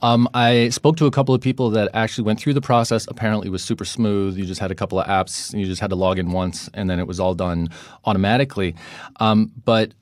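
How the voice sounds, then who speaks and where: A man hosting a podcast, reading a lively intro and then chatting with many "uh"s and restarts. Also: lowish voice, quick pace, no room sound, clean studio sound. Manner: upbeat, with many fillers in unscripted talk. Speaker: podcast host. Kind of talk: podcast interview.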